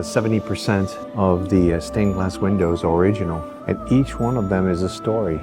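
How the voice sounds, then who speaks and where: A man's voice: low-pitched, brisk, hardly any pauses, over music. A man co-hosting a travel vlog, describing the places he visits with easy enthusiasm and frequent "uh"s. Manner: enthusiastic, awed, with fillers. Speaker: travel vlogger. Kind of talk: casual travel vlog commentary.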